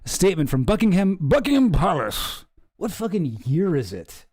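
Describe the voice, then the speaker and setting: Sarcastic swearing man, lively pitch. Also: normal speed, husky. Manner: sarcastic, ranting, swears a lot; mocks official statements in a pompous read-aloud voice. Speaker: commentary streamer. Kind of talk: casual profane commentary.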